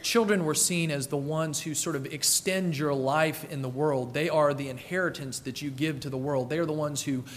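A man's voice: on the high side, fairly even intonation, normal speed, few pauses, a little hiss or hum. A man preaching a sermon as pastor, telling the story in a conversational way and acting out the quoted voices.

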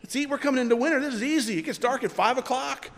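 A man preaching a sermon, earnest, swinging between loud emphasis and quiet, soft passages, closing in prayer. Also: very high-pitched, fast talker, big-room sound. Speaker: pastor.

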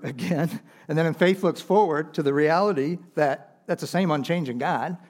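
A man preaching a sermon, reading Scripture aloud with rising emphasis and chuckling between points. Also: medium pitch. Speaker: pastor.

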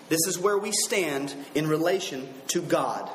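A man preaching a sermon earnestly, reading scripture slowly and driving each point home with emphasis. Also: fairly high pitch, expressive, echoey room, slight background noise, rough recording.

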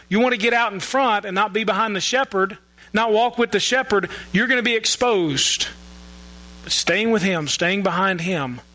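Pastor, male, earnest preaching delivery, bright tone, slight mains hum. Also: high-pitched, low-quality recording. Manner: earnest preaching with repeated restarts. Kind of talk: sermon.

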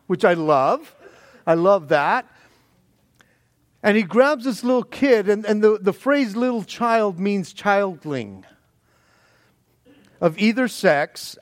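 A pastor preaching a sermon, animated and conversational, with frequent restarts and chuckles. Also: male voice, sits high, no echo, studio quality. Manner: animated, stumbling restarts, laughs often.

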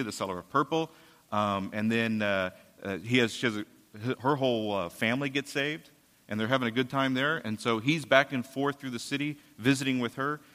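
A man preaching in a church hall, his voice carrying a long reverb around him. He retells a scripture story casually, paraphrasing as he goes, at an ordinary middle pitch. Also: pushed and bright. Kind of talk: sermon.

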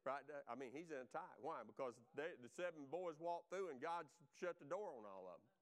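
A male preacher with a smooth, resonant voice, pitched a little above the usual for a man. He delivers his sermon with animated swings, rising high and loud, then dropping low and quiet as he talks to his congregation. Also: a little fast. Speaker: pastor.

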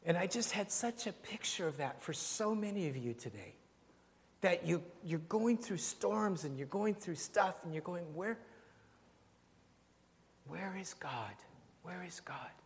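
An older man, preaching and praying in a church in a gentle, unhurried way, repeating phrases and often dropping very soft. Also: sits high, animated. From Canada. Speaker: pastor. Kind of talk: sermon and prayer. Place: church sanctuary. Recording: long hall reverb, faint ambience.

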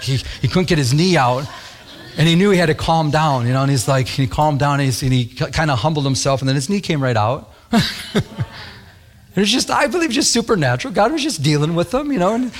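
Earnest, higher-voiced male pastor. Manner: earnest, conversational, animated storytelling. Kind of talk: storytelling sermon.

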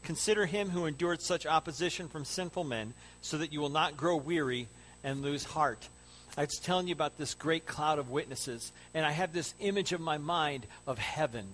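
A man preaching a sermon as a pastor, building to loud excitement and then dropping to hushed, soft tones. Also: fairly high pitch, normal speed, a little hiss or hum.

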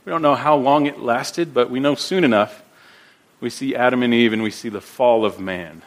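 A man preaching a sermon as pastor, earnest, often repeating words as he builds his points and slowing down for scripture quotes. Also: medium pitch.

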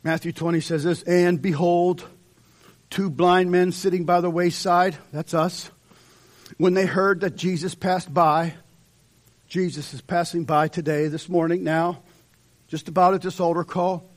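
A high-pitched man speaks at a measured pace with a flat delivery. He's a pastor preaching fervently in a church sanctuary, dramatizing quotations on the way to an altar call.

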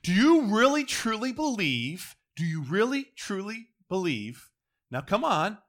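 Lively, bright-voiced man preaching. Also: sits high, measured pace. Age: middle-aged. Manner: animated, swinging between quiet asides and loud emphatic peaks. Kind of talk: sermon.

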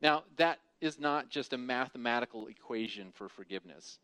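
A man's voice: mid-range voice, expressive, normal speed, a bit bright, smooth, dry recording. A man preaching an earnest, conversational sermon who often restarts and repeats his words.

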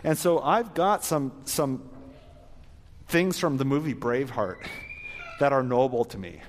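A man's voice: mid-range voice, unhurried, a little hiss or hum. A man preaching an earnest sermon to a live audience, then leading a prayer. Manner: earnest, exhorting, ends in prayer. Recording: long hall reverb.

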